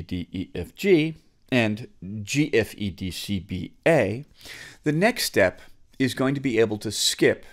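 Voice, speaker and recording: A man teaching a music theory lesson, patient, chanting the note names aloud with his students. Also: medium pitch.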